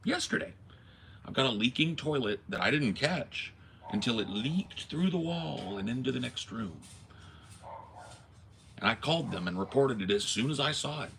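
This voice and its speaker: A man hosting a casual talk show, telling stories with animated ranting and acting out phone calls. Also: mid-range voice, normal speed, vocal fry, a little hiss or hum. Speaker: podcast host. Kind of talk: casual storytelling chat. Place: home.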